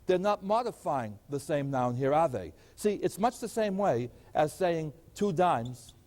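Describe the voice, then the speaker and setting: A man with a high voice teaches arithmetic at a chalkboard in an old 1980s lecture recording. He keeps asking questions and answering them himself. The hall gives his voice a long, lingering echo. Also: expressive, a little slow, darkish tone. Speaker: math professor.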